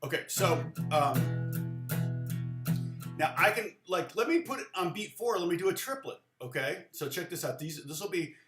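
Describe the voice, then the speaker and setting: A middle-aged man teaching a live-streamed guitar lesson in a loose, chatty way, often counting rhythms out loud. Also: fairly high pitch, lively intonation, normal speed, reverberant. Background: guitar playing.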